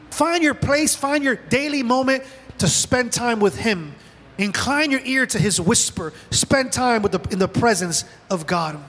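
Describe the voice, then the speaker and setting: A male pastor preaching a sermon in a lively, animated way, acting out quoted lines from scripture. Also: high voice. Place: church auditorium. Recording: large hall with long reverb.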